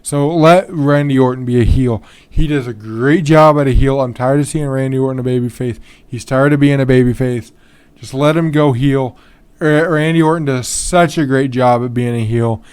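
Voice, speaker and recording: A man's voice: mid-range voice, moderate pace, a little mellow, clean tone. A man hosting a podcast on his own in a casual, rambling way, full of ums and restarts, yawning and tired. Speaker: podcast host. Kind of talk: casual solo podcast talk.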